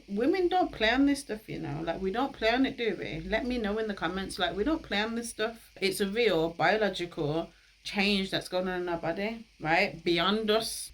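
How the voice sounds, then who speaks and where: A woman's voice: medium pitch, fairly bright tone, poor audio. Chatty, laughing woman. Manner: chatty, laughs often, uses slang like "yo" and "innit". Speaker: host. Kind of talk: casual talk to camera.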